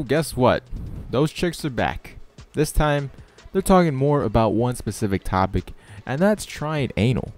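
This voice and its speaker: A man's voice: fairly low pitch, darkish tone. A young man telling a story over game footage in a sarcastic, exasperated rant. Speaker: channel host.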